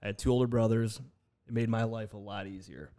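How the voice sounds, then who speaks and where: A man's voice: fairly low pitch, steady tone, fairly quick, dark tone. A man hosting a podcast in a studio, chatting casually and chiming in with agreement. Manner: affirming, chimes in with agreement. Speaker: podcast host. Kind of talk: casual chat.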